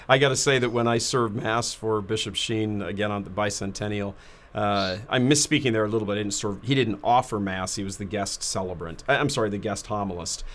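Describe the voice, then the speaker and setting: Low-voiced man in his fifties, storytelling. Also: moderate pace, a bit bright. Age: 50s. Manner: anecdotal, laughs often, many fillers. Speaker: guest. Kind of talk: casual storytelling chat.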